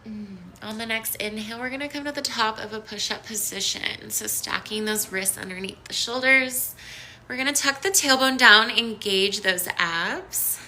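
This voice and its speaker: A woman teaching a live-streamed yoga class, giving slow, soothing cues and bubbly greetings to viewers. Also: fairly high pitch, pushed and bright, a little hiss or hum. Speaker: yoga instructor. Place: home studio in downtown Los Angeles.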